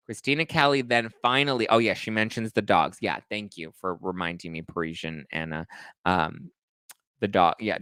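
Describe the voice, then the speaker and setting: A man hosting a casual reality TV recap, talking in a sassy, dramatic way with quick asides. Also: fairly low pitch, pushed and bright, dry recording. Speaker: host.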